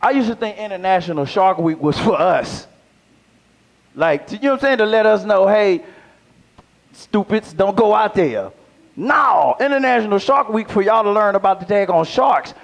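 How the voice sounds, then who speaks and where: Older male comic with a high voice, loose and rambling live set, chuckling through his punchlines. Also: animated, brisk, vocal fry, a bit bright. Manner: rambling, playful, laughs at own jokes. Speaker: stand-up comedian, guest. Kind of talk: live stand-up comedy. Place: live comedy venue with audience.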